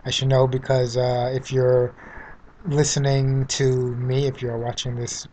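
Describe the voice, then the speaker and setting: A man's voice: mid-range voice, completely flat delivery, a little slow, warm tone, slight background noise. New york guy talking through a tv review, lots of ums and you knows, keeps restarting. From New York City. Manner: rambling, many fillers and restarts. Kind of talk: casual spoken review.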